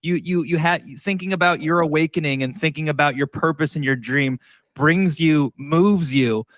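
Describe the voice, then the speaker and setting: A man's voice: fairly high pitch, normal speed, a bit bright, dry recording. Encouraging, motivational male podcast host. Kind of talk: casual podcast conversation.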